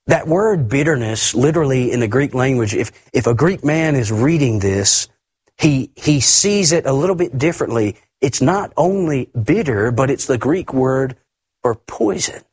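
A man preaching a sermon emphatically, often repeating words and swinging his pitch up and down. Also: animated, a little slow, a little mellow, breathy edge, no echo.

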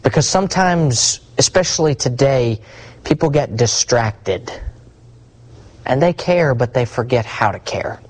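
A man preaching a sermon, swinging between hushed asides and rising, emphatic repetition. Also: mid-range voice, lively intonation, measured pace, slightly rough, poor audio.

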